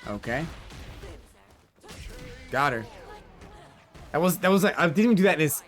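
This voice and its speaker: A man with a somewhat high voice streaming a fighting game, giving casual live commentary in muttered asides and swearing at the game. Faint music plays underneath. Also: expressive, moderate pace.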